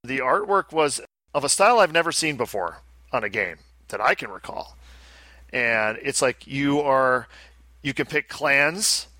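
Man, casual podcast host, bright tone, dry close recording, rambling and chatty. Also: medium pitch, animated, unhurried, no echo. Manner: rambling, self-interrupting, chatty. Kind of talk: casual chat.

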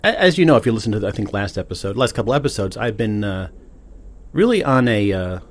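Relaxed, chatty man with a low voice. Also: fast. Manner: relaxed, chatty, self-amused. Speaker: podcast host. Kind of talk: casual rambling monologue.

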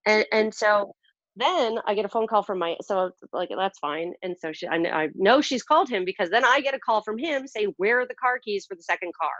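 A woman's voice: medium pitch, fairly quick, a bit bright, dry recording, muffled recording. A woman telling a personal story in casual conversation, rambling and self-deprecating with lots of fillers and restarts.

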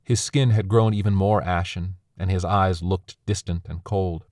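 A man reading a first-person story aloud in a measured, somber way. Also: low-pitched, fairly even intonation, darkish tone, no echo, clean studio sound. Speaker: narrator.

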